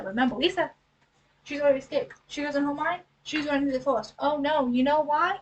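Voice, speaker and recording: A woman giving a casual book recap, chatty, full of rhetorical questions and quick acted-out asides. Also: sits high, far from the mic, lo-fi sound.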